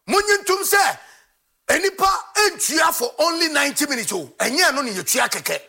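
A man's voice: very high-pitched, pushed and bright. A man hosting a football talk show, ranting with passion and sometimes half-singing his lines. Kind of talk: impassioned commentary.

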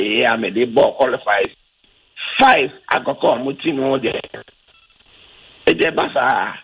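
A man with a Ghanaian accent, a football coach answering radio interview questions earnestly, switching between Twi and English with halting restarts. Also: medium pitch, vocal fry, fairly bright tone, slightly rough, low-quality recording.

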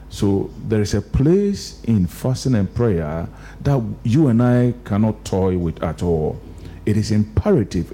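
A man's voice: fairly low pitch, mellow, slightly rough. A man, hosting a live church radio broadcast and preaching fervently with repeated emphatic phrases. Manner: fervent exhortation, repetitive rhetorical emphasis. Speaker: radio host.

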